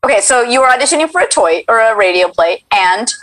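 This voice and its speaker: Playful high woman hosting an interview. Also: lively intonation, fast talker, a bit bright, poor audio. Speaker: host interviewer. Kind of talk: casual interview. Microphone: video call.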